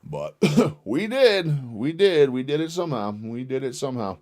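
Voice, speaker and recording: A man chatting on his own livestream in a loose, rambling way. He swears freely and gets excited as he reacts to videos. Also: mid-range voice, normal speed. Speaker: livestream host. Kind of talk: casual livestream chat.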